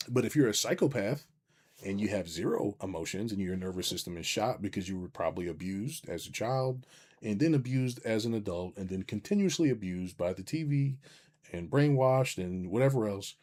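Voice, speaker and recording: A middle-aged man giving a blunt, profane, animated rant as a business coach, talking to his livestream viewers and reading their chat. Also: fairly low pitch.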